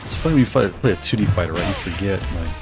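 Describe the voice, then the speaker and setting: A man chatting casually with his live-stream viewers while playing, thinking aloud with many restarts, his voice slightly hoarse. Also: low-pitched, animated, very fast, loud music behind the voice.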